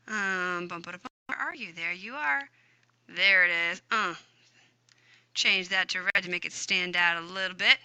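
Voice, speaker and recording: In a recorded grammar lesson, a Spanish teacher stays cheerful and talkative, talking to herself while she types on screen. Her mid-range voice is pushed and bright, clear and resonant, in a dry recording.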